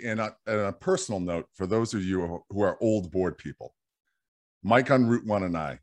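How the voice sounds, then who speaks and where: Animated man hosting a sports podcast. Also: fairly low pitch. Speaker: podcast host. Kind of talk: casual sports podcast chat.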